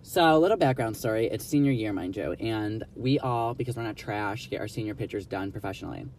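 A man's voice: fairly low pitch, a little fast, darkish tone, a little hiss or hum. A young man casually telling a story in a blunt, gossipy, profane way, acting out what others said. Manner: blunt, profane, gossipy, acts out quoted dialogue.

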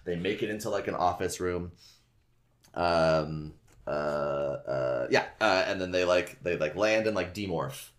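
A man with a very low voice talks through a book chapter the way you would tell a friend about it. He is loose and rambling, and he swears casually as he goes. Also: unhurried, roomy sound. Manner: loose and rambling, full of "like" and "uh", reading passages aloud; swears casually and laughs at his own retelling. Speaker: podcast co-host recapping a book. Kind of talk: casual chat, retelling a story.

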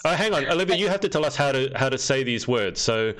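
A woman's voice: very deep voice, lively intonation, quick pace. A woman co-hosting a casual podcast chat, teasing her guests in mock-serious tones. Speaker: podcast co-host.

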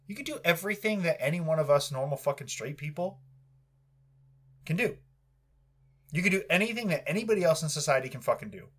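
A man's voice: on the high side, expressive, fast, long pauses, a bit bright. Give me a young man ranting angrily, swearing constantly, heated and aggressive. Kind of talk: profane angry rant.

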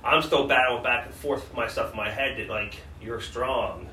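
Man with a bright, tense voice. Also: medium pitch, steady tone, normal speed. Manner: earnest, recounting trauma candidly with restarts. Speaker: podcast co-host. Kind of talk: personal storytelling in conversation. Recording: roomy sound from a distant mic with faint background noise.

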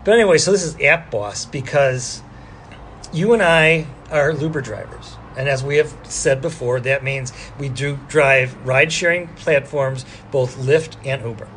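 A man's voice: medium pitch, unhurried, fairly bright tone, a little hiss or hum. A man co-hosting a casual podcast who explains things in a rambling way, with loose asides and restarts. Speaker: podcast co-host. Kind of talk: casual chat.

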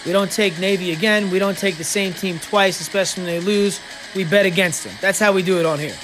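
High-voiced wisecracking sports betting host. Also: male voice, steady tone, music in the background. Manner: wisecracking, sarcastic, quick asides. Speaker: podcast host making betting picks. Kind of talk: casual sports betting monologue.

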